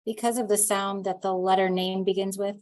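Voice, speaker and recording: A woman's voice: mid-range voice, level tone, a little fast, darkish tone. A woman taking part in a teacher workshop, giving short, tentative answers to the presenter's questions. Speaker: workshop participant.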